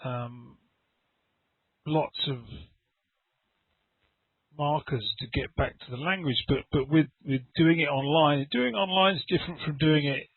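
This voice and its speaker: A man's voice: a little high, measured pace, long pauses, no room sound. A middle-aged man, a teacher who talks in a rambling way, repeats words and acts out little dialogues during an online lesson. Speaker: English teacher. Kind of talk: conversational online English lesson. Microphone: video call. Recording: dry, tinny call audio.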